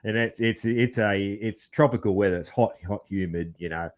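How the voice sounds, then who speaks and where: An Australian man hosting a podcast, talking in a relaxed, rambling way with lots of fillers and calling his guest man. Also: lowish voice, moderate pace. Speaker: podcast host. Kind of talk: casual interview chat.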